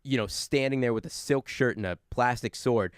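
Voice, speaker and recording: A man in his forties, a guest on a talk show, telling animated stories in casual chat and acting out angry customers. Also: medium pitch, normal speed, clear, resonant tone, no room sound, clean studio sound.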